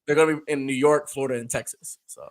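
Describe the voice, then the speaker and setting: A man's voice: medium pitch, steady tone, fast talker. A man co-hosting in a laid-back, slightly sheepish way. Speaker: co-host. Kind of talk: casual chat.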